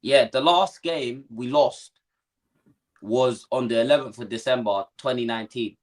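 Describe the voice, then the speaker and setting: A man's voice: medium pitch, unhurried. A young man co-hosting a football watchalong, talking in casual slangy banter and getting worked up about rival fans.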